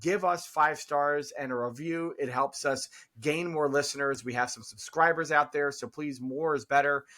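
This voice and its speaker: Man, podcast co-host, fairly high voice, eager, chatty, repeats himself. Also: moderate pace, hardly any pauses, bright, forceful tone. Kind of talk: casual podcast chat.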